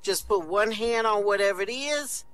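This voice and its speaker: A man's voice: sits high, normal speed, a bit bright, pitched above the performer's own voice, low-quality recording. A man voicing a boastful male radio evangelist who preaches in a rising sermon cadence. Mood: fervent.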